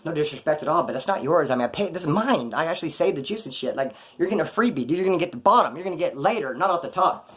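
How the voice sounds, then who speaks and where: A man's voice: on the high side, lively intonation, racing, a bit bright. A man casually telling prison stories in a blunt, profane, slang-heavy way, acting out the dialogue. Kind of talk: casual storytelling.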